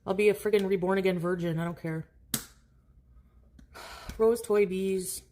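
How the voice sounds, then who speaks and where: A woman's voice: medium pitch, steady tone, measured pace, warm tone, slight background noise. A woman ranting on a livestream clip, blunt and defiant.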